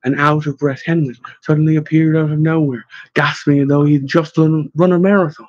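A man with a husky, somewhat high voice tells the story in a steady, even way. The read is close and dry, with a slightly muffled recording. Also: a little fast, hardly any pauses, no echo. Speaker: audiobook narrator. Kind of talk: audiobook narration.

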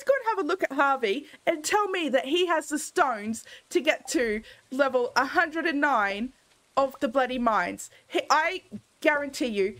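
A young woman narrates her own gameplay for a live stream, grumbling to herself with theatrical exasperation. Her voice sits high, and she takes her time with each phrase. The talk is loose and casual, in a running chatter to her viewers. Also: expressive, unhurried, fairly bright tone. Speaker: game streamer.

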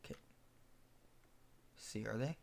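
A man giving casual commentary over his own shooter match, chatty and self-deprecating, with sudden excited outbursts. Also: slow. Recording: noisy home recording with background hiss. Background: keyboard clicks and in-game gunfire.

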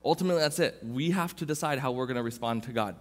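A man's voice: mid-range voice, rapid-fire. Young man preaching in a reverberant church. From Southern California. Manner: informal, personal storytelling with restarts. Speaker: youth pastor. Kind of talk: sermon. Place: church sanctuary. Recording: long reverb from a church hall.

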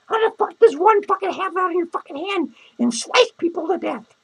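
A man's voice: extremely high pitch, lively intonation, brisk, gravelly, a bit bright, heavily acted, low-quality recording. A man playing a foul-mouthed, lonely, hungover female clown who rambles crudely, curses and cackles in a comedic character monologue. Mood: ranting. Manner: crude, rambling rants full of cursing and cackling laughs.

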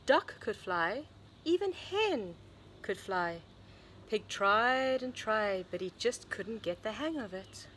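A preschool teacher, a woman, reading a picture book aloud to young children in a sing-song storybook voice with hushed asides. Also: mid-range voice, lively intonation, slow pace, a little hiss or hum. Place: home or classroom, recording online lesson.

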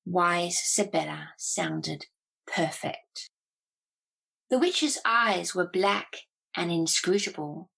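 Woman author reading her own fiction, slow and measured, husky low voice. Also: lively intonation, a bit bright, low-quality recording. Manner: unhurried, measured storytelling. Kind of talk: reading her novel aloud.

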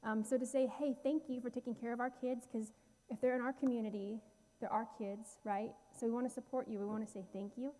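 Woman, guest church speaker, heartfelt, frequent restarts, higher voice, long hall echo. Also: fairly even intonation, fairly quick, dark tone. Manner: earnest, heartfelt, many fillers and restarts. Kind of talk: church talk with slides. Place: church sanctuary.

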